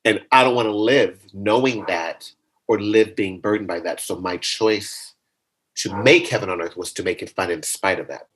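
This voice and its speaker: Playful, animated man with a low voice. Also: moderate pace, slightly rough, rough recording. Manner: animated, playful, jumps into high comic voices. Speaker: interview guest. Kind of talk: casual interview conversation.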